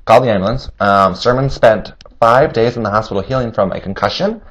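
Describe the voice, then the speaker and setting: A man's voice: fairly quick, a bit bright. A man hosting a solo podcast, a little nasal, chatty and rambling, laughing at his own jokes. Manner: acts out quoted voices in a higher pitch. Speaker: podcast host.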